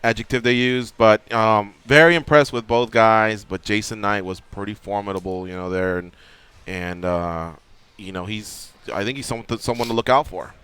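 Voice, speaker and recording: A man hosting a sports radio show, explaining fights in an animated, emphatic way. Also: lowish voice, moderate pace, smooth. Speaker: radio host.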